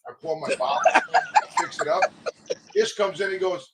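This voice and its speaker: A male podcast host telling a story in an animated, profane way. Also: high-pitched, moderate pace, noisy background. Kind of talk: casual podcast chat.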